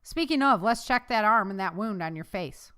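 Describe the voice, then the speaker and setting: A woman voices an older male doctor with a German accent in an audiobook. He is friendly and reassuring, and the voice is smooth and clear. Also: medium pitch, animated, normal speed, fairly bright tone, natural voice.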